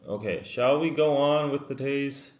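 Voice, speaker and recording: A man's voice: medium pitch, unhurried. A man in his thirties hosting a casual live stream, chatty and apologetic as he reads out viewer comments, worn out after a day in the heat. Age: 30s. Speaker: live-stream podcast host. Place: makeshift room away from his usual setup. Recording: roomy, echoey room sound.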